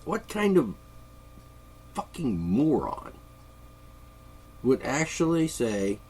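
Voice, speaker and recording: A man's voice: mid-range voice, very animated, slow, pauses often, a little mellow, breathy edge. A man with congested sinuses, delivering a sarcastic, rambling political monologue from his studio. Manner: sarcastic, mocking, chuckling. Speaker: podcast host. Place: home studio.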